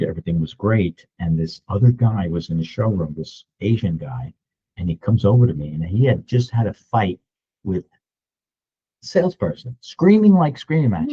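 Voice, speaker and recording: A man in his sixties telling a story in a casual, animated way, acting out other people's lines as he goes. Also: low voice, breathy edge, lo-fi sound. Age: 60s. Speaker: real estate agent. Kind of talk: storytelling vlog.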